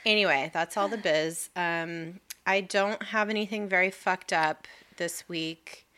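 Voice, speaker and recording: Woman, podcast co-host, casual rambling chat, pregnant, bright tone. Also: lowish voice, steady tone, a little slow, clean tone. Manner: chatty, rambling, laughs easily.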